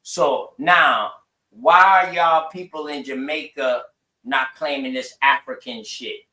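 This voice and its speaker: A man's voice: medium pitch, slow, pushed and bright, roomy sound, low-quality recording. A man from South Carolina with a Gullah Geechee accent, arguing bluntly in a casual stream debate and repeating his points. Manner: blunt, argumentative, repeats himself. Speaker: caller on a live stream.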